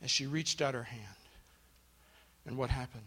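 Speaking at medium pitch with a steady tone and moderate pace, a man runs an interactive Bible study for a live group. He tells the story and asks his listeners questions, thanking those who respond and dropping to a hush for drama.

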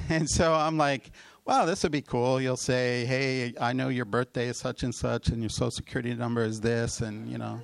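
Gravelly pastor telling a story. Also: male voice, medium pitch, dry recording. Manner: storytelling with rising emotional peaks and quick asides. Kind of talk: sermon testimony.

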